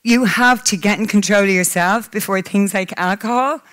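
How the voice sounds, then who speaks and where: A woman's voice: medium pitch, moderate pace, a bit bright. A woman, giving a candid personal talk to a live audience, tearful at times. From Ireland. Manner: candid, emotional, breaks into laughter. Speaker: public speaker. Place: conference hall.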